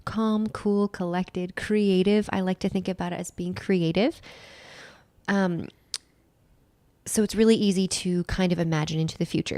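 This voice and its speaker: A woman talks through an idea step by step in a relaxed podcast chat, circling back to repeat the key phrases. Her voice sits at a medium pitch and sounds close and dry, with no room in it. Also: no echo. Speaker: podcast co-host and nutritional therapist. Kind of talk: casual explanatory podcast chat.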